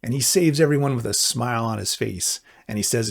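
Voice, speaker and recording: Gravelly-voiced pastor preaching earnestly. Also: male voice, mid-range voice. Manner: earnest, builds to slow emphatic appeals. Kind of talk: sermon.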